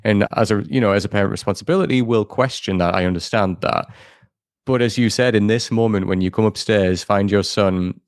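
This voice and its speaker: A man's voice: fairly low pitch, brisk, no echo, studio quality. A man co-hosting a podcast in casual chat, enthusiastic and emphatic. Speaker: podcast co-host.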